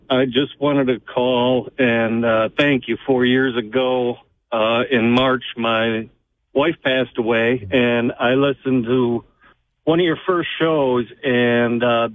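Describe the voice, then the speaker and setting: A man calling in to a radio show, speaking slowly and earnestly with many pauses. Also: medium pitch, slight background noise. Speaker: radio caller. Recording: tinny phone line.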